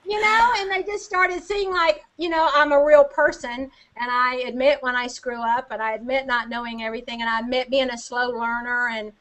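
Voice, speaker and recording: A woman's voice: sits high, fairly even intonation, moderate pace, few pauses, a bit bright. An older woman chatting as a guest on a video call, chatty and self-deprecating, laughing often. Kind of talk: casual video-call chat.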